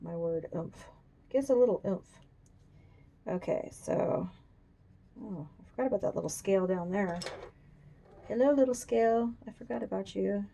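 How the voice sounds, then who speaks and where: Woman, coloring tutorial host, casual chat, thinks out loud, gravelly, mellow tone. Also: mid-range voice, normal speed, long pauses. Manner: chatty, thinks aloud, talks to her drawing. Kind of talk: casual demonstration while drawing. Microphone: camera on a tripod.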